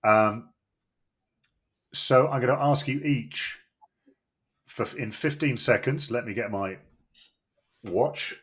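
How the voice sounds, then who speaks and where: A man's voice: medium pitch, slow pace, pauses often, fairly bright tone. A man from the East Midlands hosting a casual quiz, upbeat and jokey as he poses questions. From East Midlands, England. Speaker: quiz host. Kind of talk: casual chat.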